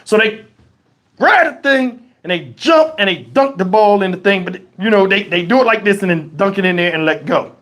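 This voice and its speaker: During his live stream, the channel host narrates a humorous story casually and profanely, animatedly performing the voices of those involved. His voice sits high and moves at a normal speed.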